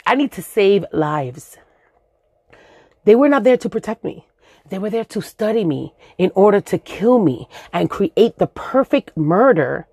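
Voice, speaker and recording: A woman in her forties from the Dominican Republic tells a comic story in a lowish, animated voice. She swears, drops in Spanish words and acts out sound effects. The recording is close and dry, with no room sound. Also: dry recording.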